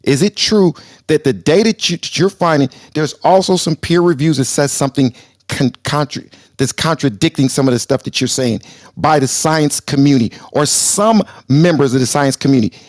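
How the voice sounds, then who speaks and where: A man co-hosting a live talk show, arguing loudly and combatively, then calming himself down on purpose. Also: a little high, moderate pace, dry recording, clean studio sound. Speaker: show co-host.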